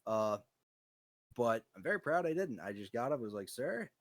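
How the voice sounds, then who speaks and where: A man's voice: lowish voice, big pitch swings, normal speed, no echo. Profane ranting American man, dry sound. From United States. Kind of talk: casual chat.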